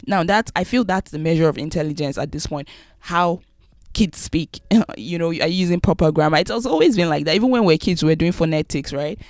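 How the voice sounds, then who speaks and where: A woman's voice: on the low side, brisk, a little mellow, dry recording. Emphatic Nigerian woman, dry sound. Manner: emphatic, repeats and restarts phrases. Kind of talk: opinionated monologue.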